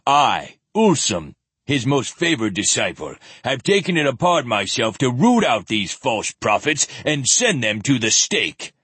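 A man's voice: mid-range voice, very animated, measured pace, a bit bright, slightly rough, dry recording, voice pushed up, full character voice. A man voicing a pompous, self-important male zealot who blusters arrogantly and rises to a half-shriek.

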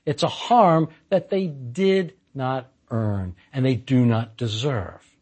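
A man's voice: medium pitch, takes it slowly, a little mellow, husky. A man giving a scripted philosophy lecture in an emphatic way with dry humor.

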